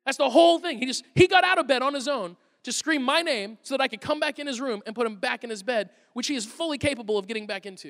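A man pastor with a very high, bright voice tells humorous family stories in an Easter sermon. His words carry a long reverb from a large church hall. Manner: humorous storytelling, self-deprecating asides. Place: church auditorium.

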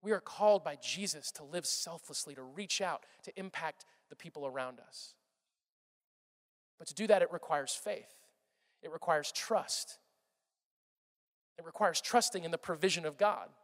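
Pastor, male, high voice, lively sermon that swings from loud to hushed, big echoing hall. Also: moderate pace, pauses often. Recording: long reverb of a large hall.

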